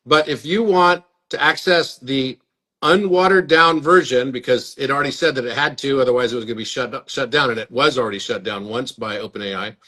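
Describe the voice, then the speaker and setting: A man's voice: medium pitch, brisk, pushed and bright. A man hosting a live stream chat, earnest and inviting, often repeating words as he talks. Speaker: host. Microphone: phone or webcam on a live stream.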